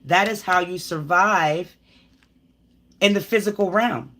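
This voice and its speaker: A woman's voice: fairly low pitch, slow, fairly bright tone. Woman, tarot reader, live reading, preachy, emphatic, rambling, sighing. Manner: preachy, emphatic, talks straight at the viewer; rambling, with restarts and sighs. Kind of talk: live tarot reading, spiritual pep talk.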